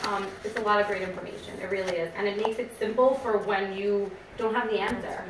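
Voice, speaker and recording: A woman's voice: medium pitch, fairly even intonation, fairly quick. A woman gives a casual, upbeat training talk to a small group, chatting and laughing often. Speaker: team trainer. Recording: echoey room from a distance, faint background noise.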